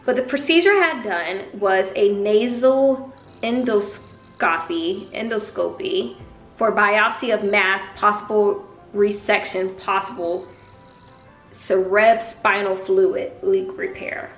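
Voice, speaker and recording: A young woman with a light Southern country twang tells her story in an animated way and drops into playful voices for the people in it. Her voice sits in an average range. She sounds like she is in an echoey room, with soft music behind her. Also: mid-range voice, takes it slowly. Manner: animated, acts out dialogue with exaggerated voices. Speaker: vlogger. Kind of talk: personal storytelling vlog.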